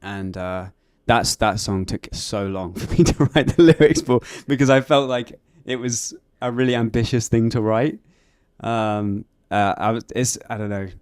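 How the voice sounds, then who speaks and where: A band member giving casual interview answers, hesitant and searching for words with frequent fillers. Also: male voice, fairly low pitch, normal speed, darkish tone, clear, resonant tone, no room sound, studio quality.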